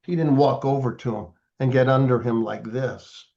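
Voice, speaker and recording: A man's voice: mid-range voice, steady tone, moderate pace, creaky, darkish tone, muffled recording. An older man, a podcast guest, telling a family story in a casual interview and acting out the voices of the people in it.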